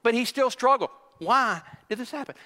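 A man's voice: extremely high pitch, animated, normal speed, pushed and bright. A man preaching a sermon as pastor, driving points home with repetition and acting out the questions people ask. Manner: preaches with emphatic repetition, acting out quoted voices. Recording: long reverb of a church hall.

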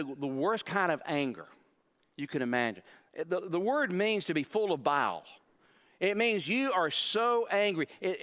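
A man's voice: high voice, fairly bright tone. A pastor preaching a sermon, earnestly explaining scripture and often repeating his words as he restarts. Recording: long hall reverb.

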